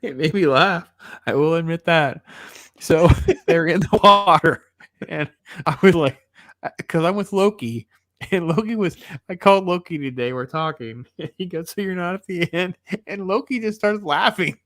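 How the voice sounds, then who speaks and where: A man's voice: a little high, animated, normal speed, a bit bright, no room sound, clean studio sound. A man hosting a casual movie review chat, laughing and incredulous. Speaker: podcast host.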